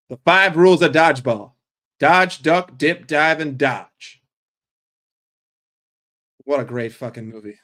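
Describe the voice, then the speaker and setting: A man from New York ranting casually and profanely on a live stream, rambling between jokes and opinions. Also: mid-range voice. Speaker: football fan streamer.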